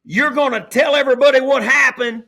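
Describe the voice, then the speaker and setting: A man putting on a loud, urgent male TV producer with a South Texas accent, barking cues during a live broadcast. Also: very high voice, steady tone, fairly quick, voice pushed up, exaggerated voice. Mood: urgent shouting. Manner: shouting, urgent, commanding.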